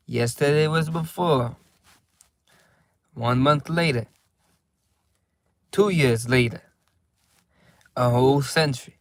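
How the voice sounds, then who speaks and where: A man's voice: mid-range voice, no room sound. A young man chatting casually in a loose, rambling vlog from inside his car, laughing often. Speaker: vlogger.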